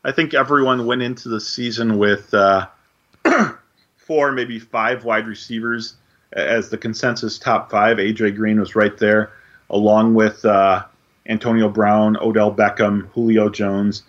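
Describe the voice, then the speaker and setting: A man's voice: lowish voice, steady tone, fairly bright tone. Analytical man on a lo-fi podcast. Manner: analytical, measured, with frequent fillers. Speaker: podcast co-host. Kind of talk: casual sports podcast chat.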